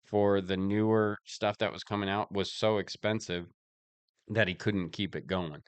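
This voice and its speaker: A man's voice: fairly low pitch, steady tone, moderate pace, clear, resonant tone, no echo. A married man co-hosting a podcast in casual chat, easygoing and rambling as he tells stories. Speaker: podcast co-host.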